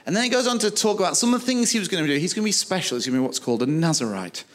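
A man preaching a sermon, telling a Bible story with animated delivery and acting out the dialogue. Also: high voice, very fast.

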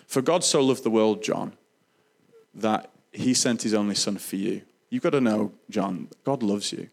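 Male speaker, earnest testimony delivery, somewhat low voice, halting with restarts. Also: creaky. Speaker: Christian speaker sharing testimony. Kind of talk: personal testimony storytelling.

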